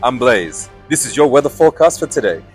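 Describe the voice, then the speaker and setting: A man's voice: medium pitch, very animated, a little fast, faint music behind, pitched above the performer's own voice, close to an everyday voice. A man playing an upbeat male TV weatherman with a breezy, jokey forecaster delivery.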